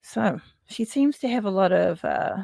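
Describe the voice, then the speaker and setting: A woman hosts a casual podcast and runs through wrestling matches with lively, loose energy, dropping swears and plenty of fillers. Her voice sits at an ordinary middle pitch. It is recorded dry and close, with no room sound. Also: a little slow, vocal fry, no echo. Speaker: podcast host.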